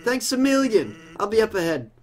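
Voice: medium pitch, big pitch swings, brisk, natural voice. A gamer voicing a laid-back, joke-cracking male skeleton while playing through a game. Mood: casual. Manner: easygoing, punning.

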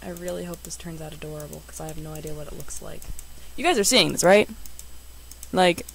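A young woman, a gaming YouTuber, chatting excitedly to her viewers as she plays. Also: low-pitched, fairly quick, vocal fry, a little hiss or hum, rough recording. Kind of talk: casual game commentary.

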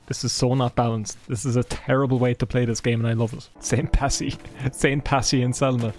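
An Irish man streaming a video game live, cracking jokes, swearing and bantering excitedly with his chat. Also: mid-range voice, a little fast. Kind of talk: live gameplay commentary.

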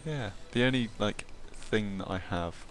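A man with an English accent chatting casually while playing a video game, quick to joke and full of likes and restarts. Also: lowish voice, over loud music. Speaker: player.

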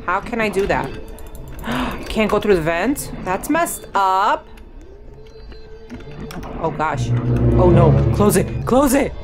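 A woman talks her way through a video game, chattering to herself and breaking into sudden high shrieks. Her pitch leaps up and down constantly, very animated. Clear game music plays underneath her. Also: slow, long pauses. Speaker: gaming channel host. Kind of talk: live gameplay commentary.

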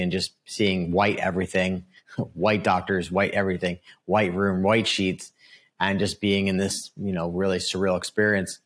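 Middle-aged male guest, deep voice, earnest testimony with lots of "you know" and "right?". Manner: earnest storytelling, frequent fillers and "right?" asides. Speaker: guest, author. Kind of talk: personal testimony in a podcast interview.

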